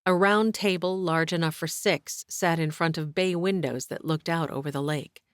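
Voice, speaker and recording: Low-voiced woman narrating an audiobook. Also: normal speed, no room sound, clean studio sound. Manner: steady, even storytelling. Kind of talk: scripted narration.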